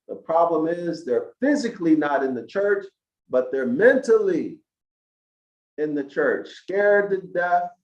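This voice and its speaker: A man with a slightly high voice lectures slowly and emphatically, his rising into preachy questions to the listeners. The sound is dull and lo-fi, and an echoey room rings around him. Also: a little mellow. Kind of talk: lecture to an online audience.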